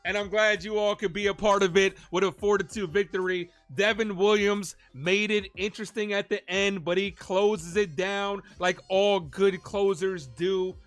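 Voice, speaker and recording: A man calling live play-by-play for his stream as a fan, excitable and shouting at big plays while he chats with viewers and reads their donations. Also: high voice, normal speed, few pauses.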